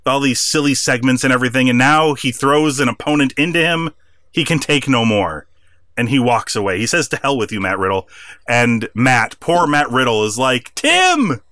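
A man's voice: medium pitch, moderate pace, pushed and bright, no echo, studio quality. A man co-hosting a podcast, recapping a wrestling show in casual chat and acting out the wrestlers' lines. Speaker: podcast co-host.

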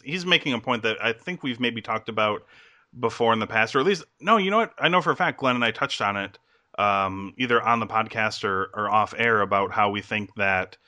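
A man's voice: fairly low pitch, bright, forceful tone, dry recording, clean studio sound. A man with a Midwestern American accent hosting a casual podcast, rambling with lots of fillers and restarts. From Midwestern United States. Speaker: podcast host.

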